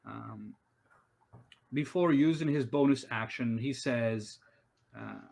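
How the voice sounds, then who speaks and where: A man's voice: mid-range voice, slow, creaky, darkish tone. A man acting as game master in an online tabletop game, thinking aloud with many fillers as he runs the rules.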